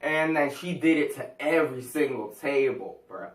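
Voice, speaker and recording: A man's voice: mid-range voice, lively intonation, normal speed, reverberant, recorded from a distance. A teenage guy telling a school story in a casual storytime vlog, rambling, slangy and full of fillers. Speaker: vlogger.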